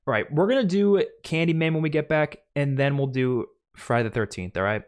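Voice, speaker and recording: A young man with a slightly higher voice hosts a livestream and rants in a loose, casual way. He sounds exasperated, leans on "like" constantly and keeps restarting his sentences. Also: a little fast, clear, resonant tone. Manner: heavy use of "like", exasperated, restarts often. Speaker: livestream host. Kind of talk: casual ranting commentary.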